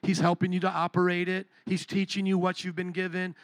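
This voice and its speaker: A pastor preaching a sermon at a church service, energetic and playful, calling out to the congregation and repeating key phrases for them to answer. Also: male voice, sits high, fairly quick, no echo. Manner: energetic call-and-response preaching, playful asides.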